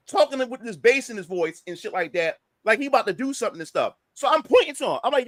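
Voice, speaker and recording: A man's voice: very high-pitched, fast, no echo. A man casually retelling a heated confrontation, swearing a lot and acting out what everyone said. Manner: animated, profane retelling of a confrontation, acting out quotes. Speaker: podcast guest. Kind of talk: casual storytelling.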